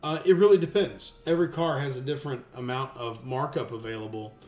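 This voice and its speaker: In an echoey room with faint music, a thirtysomething man spins a long, meandering story in casual conversation. His medium-pitched voice runs a little fast, with many restarts, and he turns animated when quoting others.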